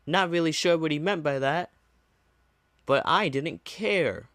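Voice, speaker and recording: A man's voice: a little high, a little slow, a bit bright, no room sound. A young man streamer telling a casual storytime, ranting with sarcastic, mocking retorts. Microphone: low-gain desk mic.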